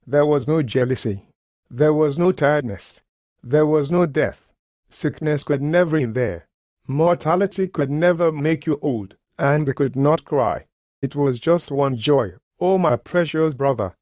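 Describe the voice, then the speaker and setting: A man's voice: a little high, a little slow, a little mellow, no room sound, clean studio sound. A man telling a story in a folksy sermon, speaking in plain, homespun grammar. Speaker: preacher.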